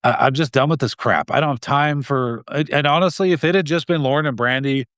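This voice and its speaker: A man's voice: medium pitch, a little fast, a bit bright, no room sound, clean studio sound. A man speaking as a guest in an interview, earnest and heated, often restarting his sentences and laughing briefly. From Idaho. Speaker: guest, gun rights group president. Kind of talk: casual interview talk.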